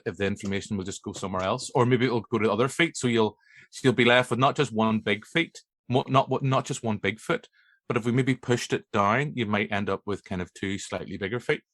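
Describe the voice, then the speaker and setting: A Northern Irish man hosts a movie podcast in a loose, jokey ramble full of fillers. His voice is bright and forward. The recording is dry and close to the mic. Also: on the low side, brisk, no echo. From Northern Ireland. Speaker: podcast host. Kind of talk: casual chat.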